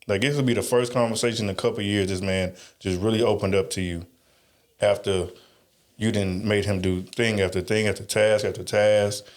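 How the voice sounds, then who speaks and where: A man with a low voice speaks emphatically in a relaxed podcast conversation. He drives his points home and backs up the others with repeated agreement. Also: a little fast. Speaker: podcast co-host. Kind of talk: casual chat.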